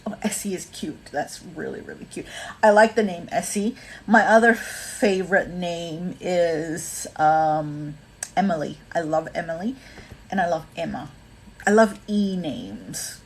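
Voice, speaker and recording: A woman's voice: lowish voice, slow, breathy edge, poor audio. Rambling woman with mixed American-Australian accent. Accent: mixed American with a bit of Australian. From Malaysia. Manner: rambling, chatty, with many ums, greets viewers by name. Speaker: vlogger hosting a livestream. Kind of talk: casual live-stream chat.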